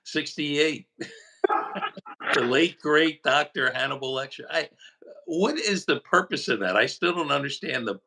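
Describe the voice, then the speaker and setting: Bright-toned man in measured chat. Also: a little high, lively intonation, vocal fry, poor audio. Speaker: co-host called doctor. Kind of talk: casual political chat.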